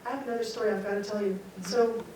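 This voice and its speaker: An older woman recounts a personal story to an audience, lively and expressive, slipping into her own quoted thoughts. Her voice sits at a middling pitch and carries a heavy room echo from a mic some distance away, with faint hiss underneath. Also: racing. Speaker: guest speaker. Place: meeting room at a talk. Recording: very echoey hall, mic far off, faint hiss.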